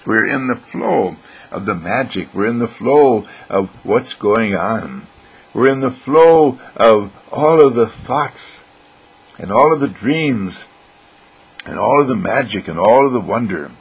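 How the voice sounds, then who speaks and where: Older male motivational speaker, raspy fry, animated and playful delivery. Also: medium pitch, takes it slowly, rough recording. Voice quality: gravelly, husky. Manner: animated, playful, acts out other voices. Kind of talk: inspirational monologue.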